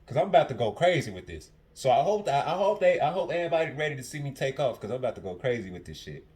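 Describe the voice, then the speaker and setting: A man's voice: mid-range voice, very animated, racing, a little mellow. A young man hosting a casual podcast at home, talking in a passionate, profane monologue that repeats itself. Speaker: podcast host.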